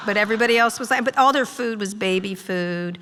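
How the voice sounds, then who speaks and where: A middle-aged woman, a journalist guest at a live talk, telling sardonic, profane stories and mimicking people in quick asides. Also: medium pitch, fairly bright tone, slight background noise. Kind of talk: on-stage storytelling conversation. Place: live event hall with audience. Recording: long reverb of a large hall.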